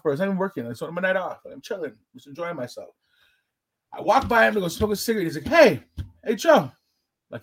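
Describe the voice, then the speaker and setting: A man with a husky, rather high voice tells a story with big swoops in pitch. His delivery is animated and punchy, heavy with profanity and emphasis, in the loose rhythm of casual chat. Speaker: podcast co-host telling a story.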